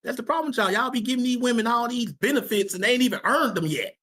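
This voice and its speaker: Emphatic, slangy Sabbath class teacher. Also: male voice, very high voice, expressive, quick pace, a bit bright. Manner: emphatic and slangy, repeats points for stress. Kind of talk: informal preaching to young people.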